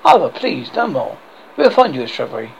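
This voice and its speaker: A man's voice: mid-range voice, sing-song, fairly quick, gravelly, voice pushed down. Man doing an earnest questing king. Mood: urgent. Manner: urgent, pleading. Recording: dull lo-fi with faint hiss.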